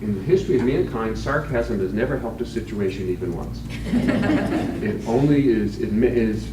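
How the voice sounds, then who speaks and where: A man, a physician, giving a conference talk on leadership with a joke, in a relaxed, plain-spoken storytelling way. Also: on the low side, fairly quick. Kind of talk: conference lecture with jokes. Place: meeting room with a live audience. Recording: echoey, distant, noisy room recording.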